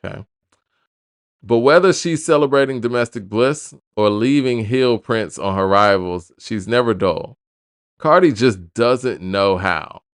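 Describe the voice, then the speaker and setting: A man's voice: mid-range voice, animated, a little slow, clean tone, no echo, clean studio sound. A man hosting a hip hop news show, reading an album review aloud and breaking off into casual asides.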